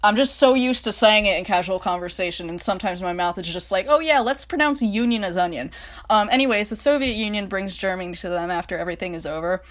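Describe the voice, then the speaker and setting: A woman's voice: medium pitch, fast, hardly any pauses, fairly bright tone. A woman reading a fan-written story aloud, then chatting casually and self-mockingly about her ideas, with many fillers. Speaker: storyteller and fan video maker.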